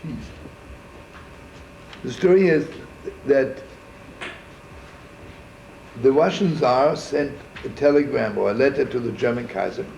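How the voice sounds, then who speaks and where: In an echoey, muffled archival recording with a little background noise, a man who is a rabbi spins a folksy, digressive story, scattering Yiddish terms and checking in with "right?" His mid-range voice is slow, creaky and a little mellow, broken by long pauses.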